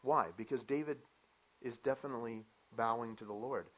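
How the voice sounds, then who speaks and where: A man preaching a sermon, animated and emphatic, asking the listeners rhetorical questions and dropping to a quieter explaining tone at times. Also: medium pitch, normal speed, rough recording.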